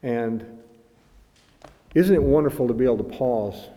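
A man preaching a sermon in an earnest way, reading passages aloud and building to loud, emphatic peaks. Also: mid-range voice, a little slow, in a large hall.

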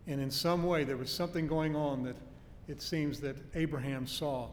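A man with a slightly higher voice delivers an earnest teaching sermon and leans hard on key words. His voice rings through a church hall with a long reverb, and a faint low rumble sits underneath. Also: steady tone, moderate pace. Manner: earnest teaching with emphatic stresses and homely anecdotes. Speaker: preacher. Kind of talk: expository sermon.

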